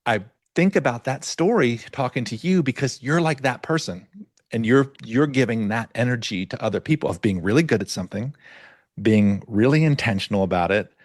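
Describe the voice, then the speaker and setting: A middle-aged man hosting a podcast, telling a story in an animated way and acting out the voices of the people in it. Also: mid-range voice, fairly quick, dry recording, studio quality. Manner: animated storyteller, acts out quoted dialogue. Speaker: podcast host. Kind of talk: casual podcast conversation.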